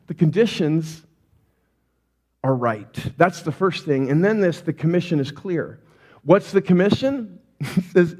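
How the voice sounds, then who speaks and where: A man's voice: high voice, a little slow, long pauses. A middle-aged male pastor preaching a sermon in a church, telling stories, acting out voices and asking the congregation rhetorical questions. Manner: animated storytelling, acts out voices, rhetorical questions.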